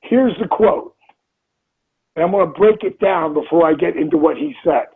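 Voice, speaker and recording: A gravelly, husky man in his sixties talks in a motivational interview. He is emphatic, loops back on key phrases and acts out inner voices. The sound is thin and phone-like. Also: high-pitched, expressive, normal speed. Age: 60s. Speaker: interview guest. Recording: tinny phone-like line.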